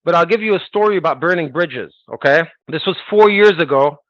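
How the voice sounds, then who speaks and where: A man coaching salespeople in an energetic, persuasive way, acting out sales calls as he talks. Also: a little high, fairly quick, dry recording, dull audio.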